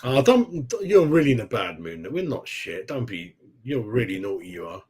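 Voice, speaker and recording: A man's voice: mid-range voice, sing-song, moderate pace, a little mellow, slightly rough. A man hosting a football fan channel, chatting casually with live-stream viewers, laughing often and calling everyone mate.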